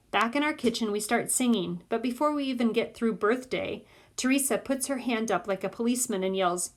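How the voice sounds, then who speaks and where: A woman narrating an audiobook in the first person of a boy, in a measured way. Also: a little high.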